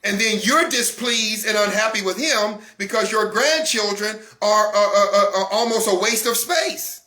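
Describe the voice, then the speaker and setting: A man's voice: sits high, moderate pace. A man hosting a Christian broadcast, talking in an emphatic, intense way and hammering the same phrases over and over. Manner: intense, refuses to calm down. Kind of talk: impassioned broadcast talk. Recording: echoey room.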